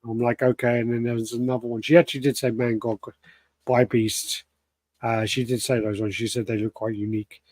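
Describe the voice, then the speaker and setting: A man with a mid-pitched voice, relaxed and conversational, who tells anecdotes and acts out what others said. The recording is dry and close. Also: a little fast, no room sound. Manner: storytelling, acts out quoted lines. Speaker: podcast co-host. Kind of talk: casual chat.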